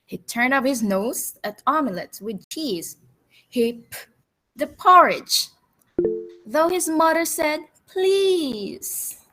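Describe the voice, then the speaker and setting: A woman teacher reads a children's picture book aloud, expressive and deliberate. Her voice sits a little high, moves slowly and rises and falls with lively pitch. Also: faint music behind. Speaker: teacher storyteller.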